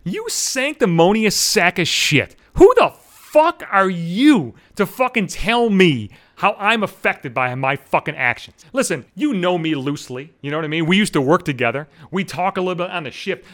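A man's voice: sits high, big pitch swings, normal speed, few pauses, fairly bright tone. A man hosting a solo podcast, venting in a heated, profane rant. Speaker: podcast host.

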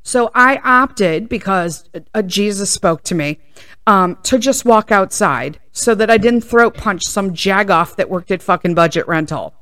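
A woman telling a story on her podcast in a loose, profane rant full of tangents. Her pitch sits mid-range for a woman. The recording is dry and close. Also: expressive, unhurried, fairly bright tone, no echo. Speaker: podcast host.

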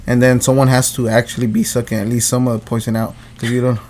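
A man's voice: medium pitch, level tone, quick pace, a little mellow. A man chatting casually on a podcast, loosely explaining something he was shown. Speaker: podcast co-host. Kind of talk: casual chat.

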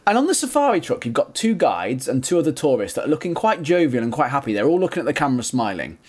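A man's voice: medium pitch, very animated, fast. A man co-hosting a comedy podcast, reading out a news story and often cracking up at it. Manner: reads aloud and breaks into giggles, exasperated.

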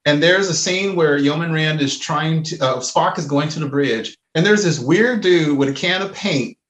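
A man with a slightly high, bright voice talks casually on a podcast, amused and stumbling into restarts. His voice sits in a roomy echo with faint background noise. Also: moderate pace. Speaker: podcast co-host.

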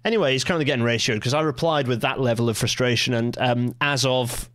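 A man's voice: medium pitch, fairly even intonation, fairly bright tone, no echo, studio quality. Rambling man hosting a stream. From Scotland. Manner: rambling, self-interrupting, quick asides with laughs. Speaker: livestream host. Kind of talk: casual live-stream chat.

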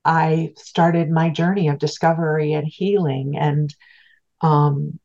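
Low-voiced woman telling a heartfelt story. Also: fairly even intonation, takes it slowly, a little mellow. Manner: earnest, reflective, repeats words as she restarts. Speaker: podcast guest, spiritual teacher. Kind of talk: storytelling in an interview. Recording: dull lo-fi sound.

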